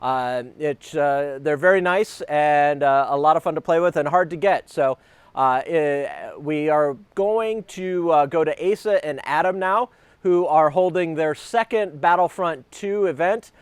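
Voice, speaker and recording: Man, telethon studio host, hesitant, lots of fillers, smooth voice, dry sound. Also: a little high, a little slow, no room sound. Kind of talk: live broadcast announcement.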